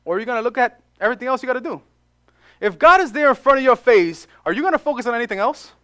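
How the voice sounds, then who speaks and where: A male pastor preaching a sermon in an animated way, acting out short dialogues and repeating phrases for emphasis. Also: extremely high pitch, rapid-fire, clear, resonant tone. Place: church.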